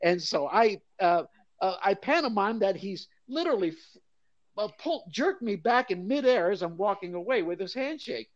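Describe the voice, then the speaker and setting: Older male guest, animated raconteur, very lively pitch, dry lo-fi sound. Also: normal speed, dry recording. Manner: animated storyteller, acts out crowd voices. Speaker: guest, mascot performer. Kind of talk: storytelling interview.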